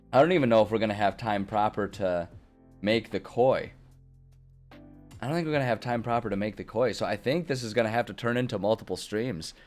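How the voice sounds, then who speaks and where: A man streaming a casual build session, chatting cheerfully and sounding easily delighted. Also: on the low side. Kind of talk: casual live-stream chat while building.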